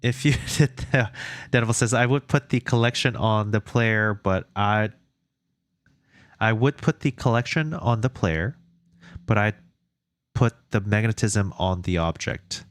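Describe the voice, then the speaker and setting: A man's voice: on the low side, unhurried, dry recording. A young man streaming game development from home at a desk mic, chatting casually, reading chat aloud and joking about himself. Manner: rambling, reads chat aloud, self-deprecating jokes. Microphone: desk microphone.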